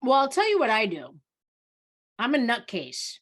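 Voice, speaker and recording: A woman's voice: on the high side, huge pitch swings, normal speed, a bit bright. A woman doctor of Oriental medicine hosting a live Q&A over a video call, talking casually and animatedly, often restarting and repeating words.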